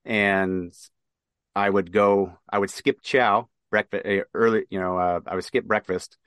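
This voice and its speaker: A man from Nebraska, a military veteran, telling his story as an interview guest, halting, with many fillers and restarts. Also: lowish voice, fairly even intonation, a bit bright, clear, resonant tone, no room sound, clean studio sound. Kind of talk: casual spoken storytelling.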